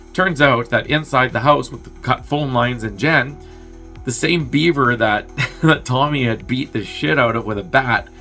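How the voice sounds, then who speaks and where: A man hosts a movie review show, recapping a film's plot in a loose, chatty way packed with "like" and swearing, and he briefly acts out the characters' lines. His voice sits on the low side with a sharp tone.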